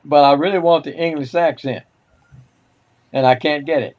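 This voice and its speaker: Man from Florida, slightly high, easygoing guest, muffled lo-fi call audio. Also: fairly even intonation, moderate pace, a little mellow. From Florida, United States. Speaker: panel guest. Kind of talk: casual chat on a live stream. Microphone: video call. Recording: dull lo-fi video call audio.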